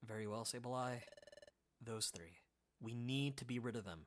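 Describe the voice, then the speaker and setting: A woman voicing a menacing male ghost lord who speaks in quiet, imperious commands in a fan dub of a game. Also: a bass voice, normal speed, a little hiss or hum, voice pushed down. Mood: cold command.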